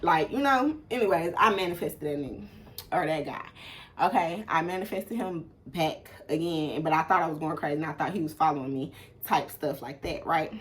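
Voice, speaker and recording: Animated Atlanta woman telling a story. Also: normal speed, slight background noise. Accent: Southern US, Atlanta. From Atlanta, USA. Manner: animated, swearing, acts out quoted people in sudden loud high bursts. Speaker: vlogger. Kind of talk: casual storytelling monologue.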